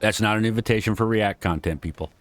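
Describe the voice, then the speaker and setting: A man's voice: lowish voice, quick pace, a bit bright. A man with a Southern US accent streaming a game, reading the characters' lines aloud and chatting casually with swearing.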